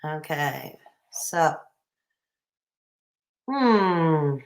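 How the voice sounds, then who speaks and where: This Canadian host, a woman in her thirties, speaks low and expressively, stretching out her words as she reads and replies to viewers' chat messages. Her late-night stream is casual and wandering, and the room has a noticeable echo.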